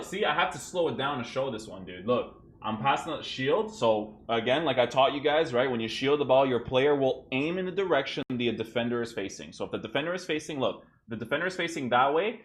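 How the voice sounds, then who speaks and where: A gaming YouTuber reviews his own gameplay clips in an echoey room, ranting in exasperation and often tossing in "right?" to check in. His voice is mid-range with a fairly bright tone.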